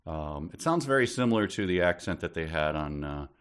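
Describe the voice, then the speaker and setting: A man's voice: sits low, very animated, fairly quick, fairly bright tone, smooth. A man co-hosting a casual book podcast, wry and joking as he recounts the story. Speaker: podcast co-host.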